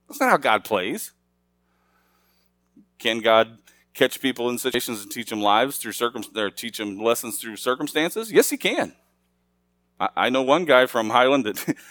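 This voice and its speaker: A man's voice: medium pitch, lively intonation, brisk, pauses often, a bit bright, no echo. A middle-aged man preaching a sermon as pastor, talking casually with the congregation and rising to emphatic, raised passages.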